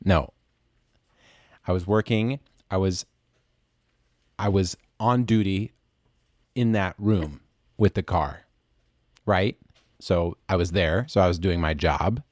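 A man acts out a prickly witness who keeps protesting and objecting. His voice sits low and comes through close and dry, with no room sound around it. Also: slow pace, long pauses, a little mellow, no room sound. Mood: defensive. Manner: indignant, protesting, repeatedly objecting. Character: defensive male witness turned lawyer, indignant. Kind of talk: improvised courtroom comedy.

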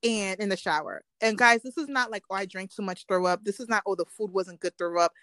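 A woman's voice: mid-range voice, fairly quick, no echo. Chatty young woman telling a story. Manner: animated, acts out quotes, swears casually. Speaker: podcast co-host. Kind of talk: casual storytelling chat.

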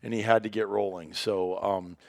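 A man's voice: lowish voice, fairly even intonation, normal speed, gravelly, no echo, clean studio sound. A man hosting a podcast in casual chat, joking and rambling as he talks. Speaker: podcast host.

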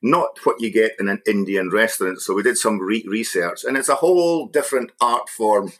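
A man chatting as a guest, reminiscing in a halting way with many repeated words. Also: fairly low pitch, fairly bright tone. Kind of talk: casual conversation.

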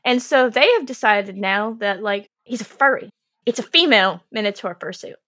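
A woman game master telling tabletop stories in casual chat, animated and quoting her players. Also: mid-range voice, normal speed, dry recording. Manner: animated, quotes players in lively voices. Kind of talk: casual podcast storytelling.

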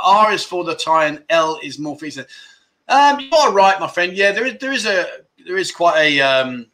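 Man, livestream host, bright ringing voice, slightly high, chatty and scatterbrained. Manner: jokey, scattered, chatty, laughs at own mistakes. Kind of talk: casual live chat reading viewer comments.

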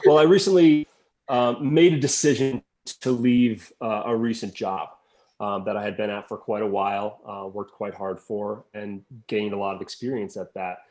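A man in a casual discussion, telling a parable in a relaxed way with lots of fillers. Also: fairly low pitch, moderate pace. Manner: easygoing storyteller, many fillers.

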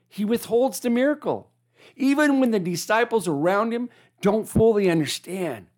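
A preacher delivering a sermon, animated, asking listeners to repeat key lines back. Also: mid-range voice.

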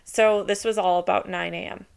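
A woman hosting her own podcast, telling a personal story in a chatty, excitable way with lots of casual fillers. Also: medium pitch, moderate pace, creaky, clean tone. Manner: introverted by her own account. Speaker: podcast host.

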